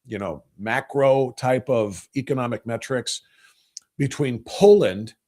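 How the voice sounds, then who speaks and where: A middle-aged man hosting a livestreamed podcast, talking politics in a rambling, animated, opinionated way. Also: medium pitch, a little slow. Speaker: podcast host. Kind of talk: casual political commentary livestream.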